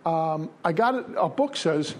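An older man tells his story at a recovery meeting, earnest and repetitive, his voice sitting a little high for a man. A faint hiss of background noise runs under the talk. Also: lively intonation, measured pace. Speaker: recovery speaker. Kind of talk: personal testimony talk.

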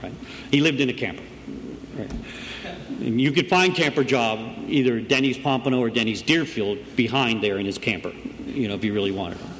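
At normal speed and in a mid-range, somewhat bright voice, a middle-aged recovery speaker tells the group his story the way you'd tell it to friends, often tossing in "right?" Long reverb fills the room, with faint background noise.

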